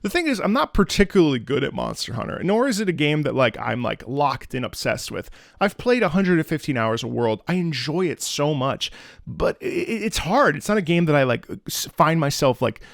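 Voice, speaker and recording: A man, an opera singer, excitedly reacting to orchestral game music, gushing and humming melody lines between comments. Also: a little high, creaky, dry recording, studio quality. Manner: gushing, emphatic, hums and scats melodies. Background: loud orchestral music playing.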